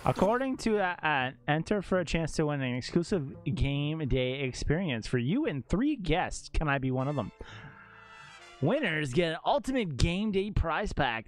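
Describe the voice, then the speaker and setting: A young man streaming a game, joking crudely and reading chat aloud. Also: a little high. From Canada. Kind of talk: casual gaming stream chat.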